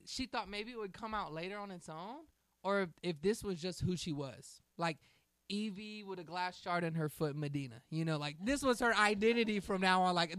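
A man's voice: high-pitched, normal speed, a bit bright, no room sound. A man hosting a faith talk, telling a family story in an earnest, preaching way. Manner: earnest storytelling, acts out quoted voices.

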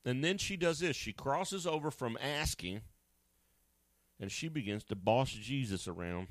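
A man preaching a sermon in a conversational, joking way, acting out people's voices with sudden high jumps. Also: moderate pace, fairly bright tone, dry recording. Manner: conversational and joking, with asides to a co-host. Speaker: pastor.

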